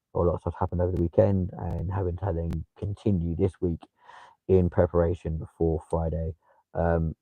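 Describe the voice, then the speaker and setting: A man's voice: low-pitched, vocal fry, no echo, phone-quality sound. A young man with a London accent chatting casually on a livestream, swearing freely and replying to viewers. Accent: London English. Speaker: livestream host.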